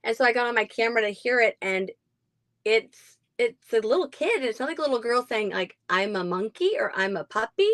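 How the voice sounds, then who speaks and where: A woman's voice: on the high side, brisk, fairly bright tone, no room sound. A woman who owns a haunted house, chatting casually in an interview with many ums and frequent laughs.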